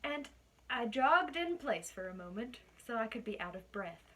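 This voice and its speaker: Young woman, high-ish voice, chatty, laughs a lot, casual storytelling. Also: very animated, normal speed, a bit bright. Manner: chatty, laughs often while telling. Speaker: guest storyteller.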